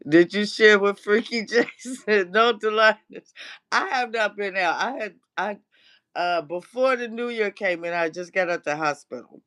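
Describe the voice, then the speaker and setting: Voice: medium pitch, measured pace, fairly bright tone, clear, resonant tone. A cooking vlogger chatting casually on a livestream, ranting and cursing freely and laughing often.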